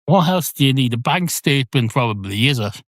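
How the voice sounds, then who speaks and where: A prickly male talking cat with a lilt, indignant and matter-of-fact, as a man puts him on. He stays in a middling pitch, close to a dry, unroomy mic. It is comic storytelling from a podcast. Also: animated, a little fast, a bit bright, dry recording, lightly acted.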